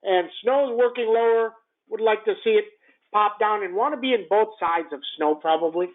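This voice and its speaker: A man's voice: sits high, normal speed. A man giving a morning stock-market call, blunt and repetitive, full of rhetorical questions. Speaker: stock trading commentator. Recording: tinny phone-line sound.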